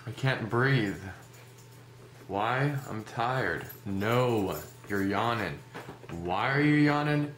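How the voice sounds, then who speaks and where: A man rambles through a goofy comedic vlog, joking in a mock-serious tone. His voice sits at an ordinary pitch. The room echoes noticeably, with steady background noise underneath. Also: very slow. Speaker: vlogger.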